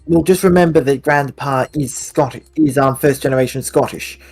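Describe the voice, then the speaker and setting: A player chiming in with quick reminders during a tabletop game. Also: medium pitch, a little mellow, soft background music.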